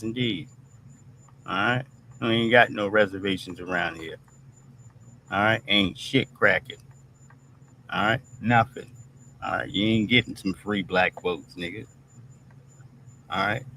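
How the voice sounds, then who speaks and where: A man's voice: lowish voice, bright, forceful tone, a little hiss or hum. A man hosting a streamed commentary monologue, talking bluntly with plenty of profanity and a habit of asking "all right?" after nearly every point. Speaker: host.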